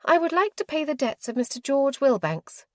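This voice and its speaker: A woman's voice: sits high, very animated, moderate pace, darkish tone, dry recording, clean studio sound, voice pushed up. A woman voicing a proud, well-bred young lady who is nervous but insistent, speaking in a prim, formal way. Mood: sharp, determined.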